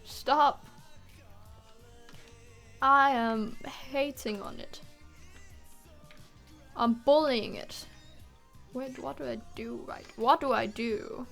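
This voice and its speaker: A woman's voice: high voice, steady tone, slow pace, creaky, long pauses, fairly bright tone, soft background music. A young woman from Denmark, giving exasperated, swearing commentary while she streams a game. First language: Danish. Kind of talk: live gameplay commentary.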